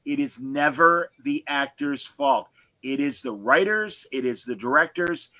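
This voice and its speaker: A man's voice: medium pitch, lively intonation, measured pace, pushed and bright, no room sound. A man co-hosting a casual film review chat, talking emphatically and restarting his sentences often. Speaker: podcast co-host.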